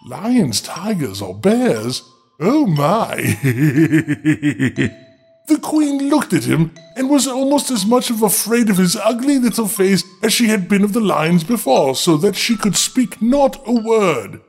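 A man's voice: high-pitched, moderate pace, few pauses, husky, soft background music. A man hosting a show, reading a fairy tale in a dramatic way and breaking off into wry, joking asides. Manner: playful, wry, expressive. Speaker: storyteller host.

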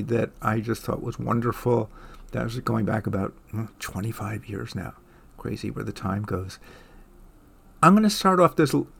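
Gravelly-voiced middle-aged music show host. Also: male voice, medium pitch. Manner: relaxed and chatty, with frequent fillers. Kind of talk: casual radio back-announcing.

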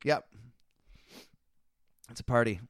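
A man's voice: takes it slowly, no room sound, studio quality. A man hosting a comedy podcast, reading Bible passages aloud and riffing on them with frequent laughs. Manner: reads scripture aloud then riffs, laughs often. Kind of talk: casual comedic chat.

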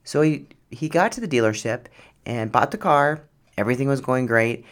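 A woman's voice: very deep voice, animated, moderate pace. A woman hosting a podcast, telling a story in a chatty, frank way and laughing often. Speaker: podcast host. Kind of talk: casual storytelling monologue.

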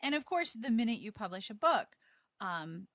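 A woman co-hosting a chatty interview, her voice bright and sharp in a dry, close sound. She jokes and teases her guest. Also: on the high side, very animated, moderate pace, no echo. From United States. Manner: jokey, teasing. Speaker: podcast co-host. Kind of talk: casual interview chat.

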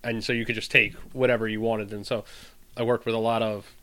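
Quick, joking man in casual chat. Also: lowish voice. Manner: joking, animated, puts on silly voices.

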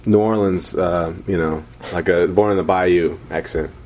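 Low-voiced man rambling in casual chat. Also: steady tone, darkish tone. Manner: rambling, halting with many fillers. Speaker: podcast co-host.

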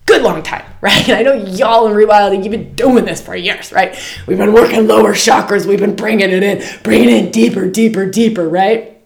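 A woman hosting a spiritual podcast in a casual, animated way, often repeating words and phrases for emphasis. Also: medium pitch, moderate pace, vocal fry. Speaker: podcast host. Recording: roomy echo.

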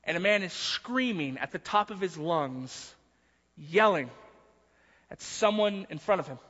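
A man's voice: sits high, lively intonation, a little slow, fairly bright tone. A man preaching a sermon in an emphatic way, often repeating words as he builds a point. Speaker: pastor. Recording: muffled hall recording.

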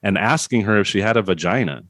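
Sarcastic, lively low-voiced man. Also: fast, no echo. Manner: sarcastic, profane, laughs often. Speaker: podcast co-host. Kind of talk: casual comedic movie recap.

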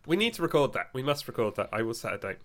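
A man co-hosting a podcast in casual chat, giggly and quick to laugh, and a bit unwell. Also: medium pitch, sing-song. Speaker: podcast co-host.

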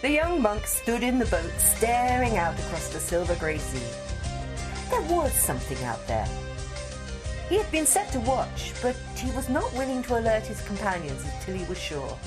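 A woman narrating a story in a measured, expressive storytelling manner that drops soft at tense moments. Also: a little high, over music.

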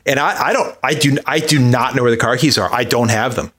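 A man's voice: medium pitch, brisk, background noise. A man telling a comic story on a podcast, self-mocking and acting out the dialogue he quotes. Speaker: podcast guest.

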